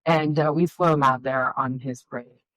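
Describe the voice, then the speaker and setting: A woman's voice: very deep voice, moderate pace, no room sound, rough recording. A middle-aged woman, a filmmaker guest, telling rambling family stories in a casual interview. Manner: rambling, animated storytelling with fillers.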